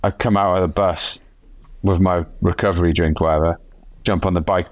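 A male professional cyclist telling a race story in a chatty, animated way on a podcast. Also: low voice, a little fast, no echo. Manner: animated, chatty, acts out quotes. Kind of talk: casual storytelling chat.

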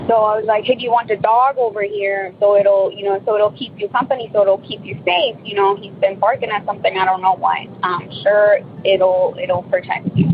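A woman's voice: mid-range voice, lo-fi sound, slight background noise. Rambling woman telling a ghost story. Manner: rambling, full of fillers and restarts. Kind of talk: casual spoken storytelling.

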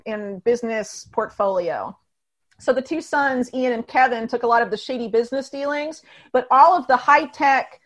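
A woman talking in a casual podcast conversation, rambling and full of fillers as she tells a long story. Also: a little high.

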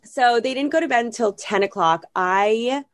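A woman's voice: on the high side, normal speed, background noise. A woman in her thirties co-hosting a podcast, chatting casually and often saying "like", sometimes acting out voices. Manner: chatty, peppered with "like", acts out inner voices. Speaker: podcast co-host. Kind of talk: casual chat.

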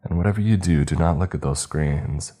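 Brief: a man playing a scolding storybook teen girl, very low, dark tone. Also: fairly quick, breathy edge, faint music behind. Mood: urgent. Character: bossy, brisk teenage girl.

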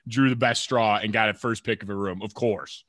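A man's voice: lowish voice, fairly even intonation, fairly quick, a bit bright, no room sound, studio quality. A young man co-hosting a podcast in casual chat, rambling with lots of "like" and "literally". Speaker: podcast co-host, pro baseball player.

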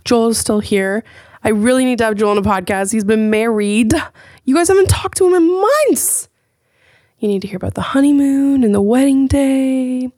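A woman hosting her own podcast, talking casually and telling stories with lively, profane chatter. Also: on the high side, moderate pace, no room sound, studio quality. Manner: chatty, swears freely, animated storytelling. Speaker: podcast host. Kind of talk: casual chat.

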